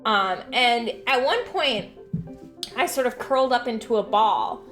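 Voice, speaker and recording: A young adult woman streamer telling stories in a casual, animated chat, swearing freely. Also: a little high, unhurried, faint music behind.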